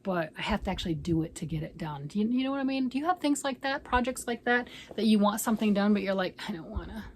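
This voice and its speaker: A woman's voice: medium pitch, expressive, fast talker, hardly any pauses, poor audio. Middle-aged lady rambling about her projects, jokey and self-mocking, bit of faint noise behind. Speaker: crochet channel host. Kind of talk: casual chat to camera.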